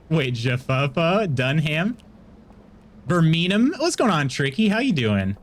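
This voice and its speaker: A man with an American accent streams a video game, talking slowly and casually with his viewers before leaping into high, excited bursts.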